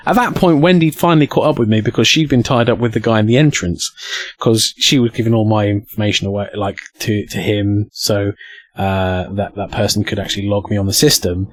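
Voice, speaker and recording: A man's voice: on the low side, brisk, no room sound. A man telling a rambling, jokey personal story in a casual way. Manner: animated, rambling, jokey, swears.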